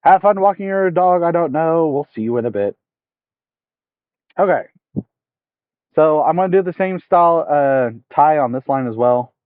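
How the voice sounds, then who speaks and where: A man's voice: fairly high pitch, expressive, normal speed, long pauses, clean tone, no echo. A man from the United States with a mild Southern accent, streaming outdoors at a park, casually explaining fishing rigs step by step while chatting with viewers over a headset mic. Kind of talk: casual fishing livestream tutorial. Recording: tinny dry phone-like headset audio.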